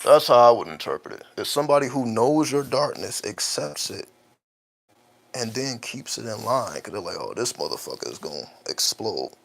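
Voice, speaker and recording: A man's voice: medium pitch, very animated, moderate pace, gravelly, faint music behind, poor audio. A man hosting a late-night talk show, musing openly as a father in a loose, profane monologue that keeps checking in with "right?". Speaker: podcast host.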